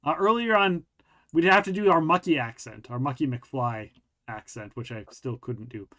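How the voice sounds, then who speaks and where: A man's voice: mid-range voice, fairly even intonation, moderate pace, pushed and bright. A man hosting a casual podcast, chatting with a friend and reading a news article aloud, often stumbling and rereading lines. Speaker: podcast host.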